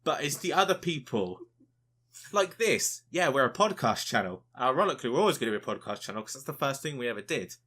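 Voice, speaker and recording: A man co-hosting a casual podcast rants with lots of swearing and mocking quotes of other people. His medium-pitched voice is very animated, fast and fairly bright in tone.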